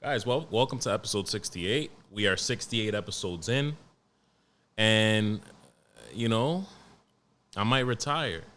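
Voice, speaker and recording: A man in his late twenties hosting a podcast alone, talking in a profane, rambling, animated way. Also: on the low side, measured pace, pauses often. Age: 20s. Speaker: podcast host. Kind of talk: casual solo podcast rant.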